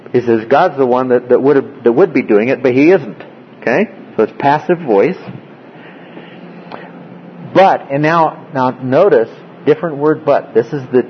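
A man with a medium-pitched voice leads a Bible study in a classroom, explaining the text word by word and frequently checking that his students are following. The recording is muffled, with slight background noise.

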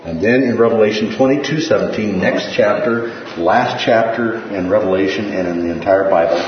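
A man's voice: fairly low pitch, normal speed, few pauses, slight background noise. A man teaching a Bible class in a conversational way, often checking in with his listeners. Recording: distant, dull echoey room.

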